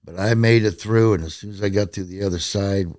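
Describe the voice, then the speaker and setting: A man hosting his own TV show, telling a story in an animated, casual way and swearing freely. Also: fairly low pitch, brisk, dry recording, clean studio sound.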